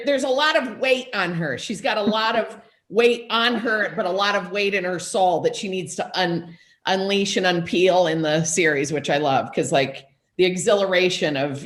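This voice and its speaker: Woman, lower voice, actress guest, playful. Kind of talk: interview chat.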